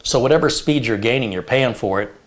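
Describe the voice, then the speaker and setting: A man's voice: mid-range voice, brisk. A man from the United States hosting a live tech stream, chatting casually and telling long rambling stories. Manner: rambling anecdotal storyteller.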